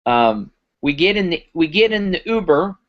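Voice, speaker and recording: A man giving a live sales pitch on a conference call, telling stories and acting out the dialogue. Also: sing-song, moderate pace. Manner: storytelling, acts out dialogue. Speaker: company founder pitching product. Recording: muffled lo-fi recording.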